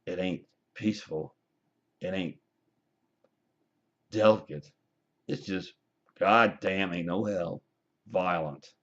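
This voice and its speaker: A man's voice: sits low, slow pace, pauses often, fairly bright tone, highs cut off. A man delivering a profane, combative, preachy rant to his webcam. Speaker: vlogger. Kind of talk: ranting webcam monologue.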